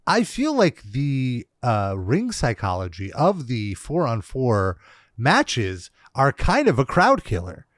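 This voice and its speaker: A man co-hosting a podcast in casual chat, breaking down what he watched with lively, quick asides. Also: medium pitch, no echo, studio quality. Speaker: podcast co-host.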